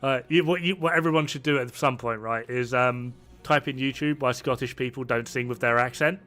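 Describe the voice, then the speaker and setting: Chatty man with a bright voice. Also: medium pitch, a little fast, soft background music. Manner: rambling, chatty, laughs often. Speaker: gaming streamer. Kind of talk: casual chat while gaming.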